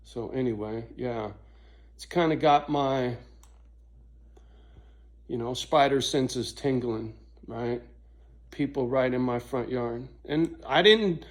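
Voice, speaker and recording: A man's voice: fairly high pitch, a little slow. A middle-aged man telling a rambling story in a casual vlog, swearing freely and often checking in with "right?". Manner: rambling, profane, frequent "right?" asides. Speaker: vlogger.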